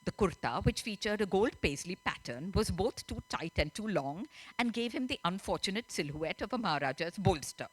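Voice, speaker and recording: A woman's voice: medium pitch, lively intonation, moderate pace, husky. A woman author, chatty and laughing often as she tells and reads her story at a festival. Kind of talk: reading aloud and storytelling at a literature festival. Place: festival stage.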